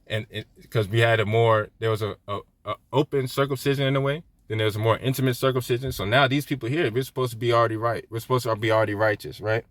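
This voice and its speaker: Man teaching scripture in a loose, chatty way, mid-pitched and recorded dry and close. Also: fairly even intonation, fast talker, hardly any pauses, no room sound. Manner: conversational, peppers lines with "right?", laughs often; chats with viewers while reading scripture aloud. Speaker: Bible study teacher. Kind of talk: casual livestream Bible teaching.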